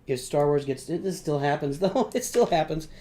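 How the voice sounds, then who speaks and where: A man's voice: on the high side, expressive, normal speed, dark tone. A middle-aged man streaming live, chatting casually as he builds and referring to himself in the third person. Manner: rambling, talks about himself in third person.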